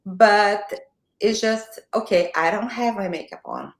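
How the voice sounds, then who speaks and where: A woman with a Brazilian Portuguese accent speaks in a mid-pitched voice, giving direct, emphatic advice as a guest. Her voice carries the echo of a reverberant room heard through a video call. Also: measured pace. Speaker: guest, marketing mentor. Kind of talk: motivational interview talk. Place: home, morning video call.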